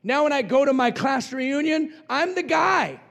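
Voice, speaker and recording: Fervent high-voiced older pastor. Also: male voice, expressive, normal speed, creaky. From New Mexico, USA. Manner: fervent, repetitive declarations, often shouted. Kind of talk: revival sermon.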